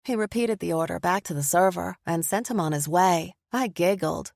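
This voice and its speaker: A woman reading a first-person story aloud, expressive and lively. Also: on the low side, moderate pace, gravelly, dry recording, clean studio sound. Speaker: audiobook narrator. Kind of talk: scripted first-person narration.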